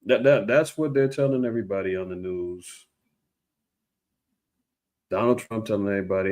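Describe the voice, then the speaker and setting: A man giving casual religious commentary online, rambling and preachy, with frequent restarts and mocking raised-pitch impressions of others. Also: a little fast, pauses often, a little mellow.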